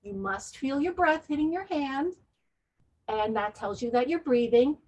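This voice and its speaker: A woman's voice: high-pitched, lively intonation, measured pace, darkish tone, rough recording. A woman presenting in a webinar, leading listeners through breathing and laughter exercises with an American accent. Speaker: wellness presenter.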